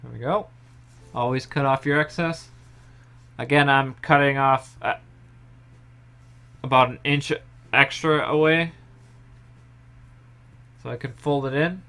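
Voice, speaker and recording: A young man in his home kitchen, calmly explaining each step of a pie recipe in a casual tutorial. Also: mid-range voice, a little slow, long pauses, clear, resonant tone. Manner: relaxed step-by-step explaining, trailing off softly. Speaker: home baker.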